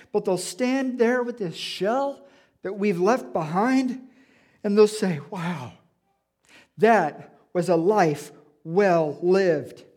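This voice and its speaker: A man's voice: high-pitched, a little mellow. A man preaching a sermon in a church, earnest and reflective, asking his listeners questions. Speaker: pastor.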